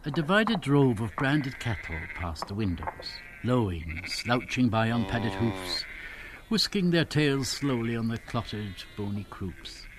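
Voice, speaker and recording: A man narrating a literary text in a measured, descriptive manner. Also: medium pitch, big pitch swings. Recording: noisy recording.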